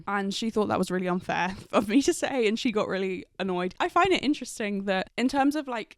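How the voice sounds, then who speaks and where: A woman's voice: medium pitch, clear, resonant tone, no room sound, studio quality. A young woman, talking casually and chattily about friendship advice, with lots of "like" and frequent laughs. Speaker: vlogger.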